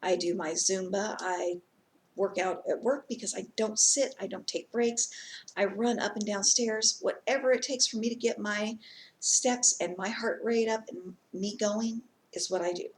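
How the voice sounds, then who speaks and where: A woman's voice: medium pitch, fairly even intonation, unhurried. Chatty woman vlogger telling a story. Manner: chatty, rambling, many ums. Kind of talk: casual story time.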